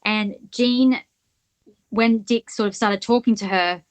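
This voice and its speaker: A woman's voice: mid-range voice, fairly even intonation, takes it slowly. Chatty woman co-hosting a true-crime podcast. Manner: retells the case at length, thinking aloud. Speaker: podcast co-host. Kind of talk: casual true-crime chat.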